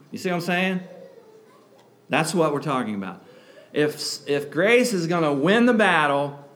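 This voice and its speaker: A man's voice: a little high, fairly bright tone. A man preaching a sermon in a conversational way, asking rhetorical questions and breaking into emphatic outbursts. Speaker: pastor.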